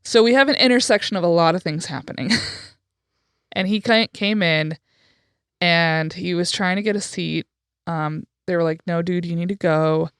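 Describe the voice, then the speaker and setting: Woman podcast host, frank chatty storyteller; smooth resonant tone, dry close sound. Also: fairly low pitch, moderate pace, dry recording. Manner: chatty, frank, with frequent fillers and profanity. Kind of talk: casual conversational storytelling.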